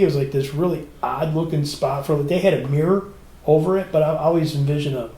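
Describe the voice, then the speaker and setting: A man's voice: on the high side, brisk. Storytelling man in an echoey room. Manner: storytelling, animated quoting of others. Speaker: podcast co-host. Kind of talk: casual chat.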